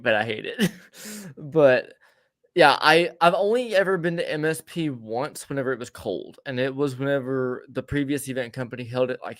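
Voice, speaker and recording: Chatting casually on a podcast, this male co-host tells a meandering story, stammering, restarting and letting sentences trail off. His middle-pitched voice has a fairly bright tone, captured close and dry without any echo or room sound.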